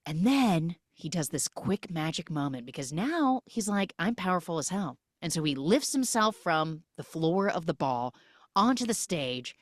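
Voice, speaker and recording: A woman hosting a podcast, retelling a film with jokey, animated storytelling on a close mic. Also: deep voice, a little slow, no room sound. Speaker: podcast host. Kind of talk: comic film recap.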